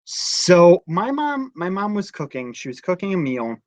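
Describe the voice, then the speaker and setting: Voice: medium pitch, very animated, measured pace, a little mellow, dry recording. A young adult host chatting casually on a live stream at home, telling rambling stories in a chatty way. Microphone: device camera mic close up.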